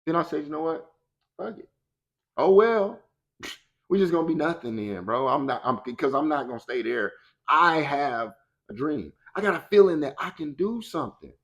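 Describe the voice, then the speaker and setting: A man's voice: a little high, lively intonation, moderate pace. A man speaking as a motivational speaker in a colloquial, preachy way, acting out the voices he quotes. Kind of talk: motivational talk.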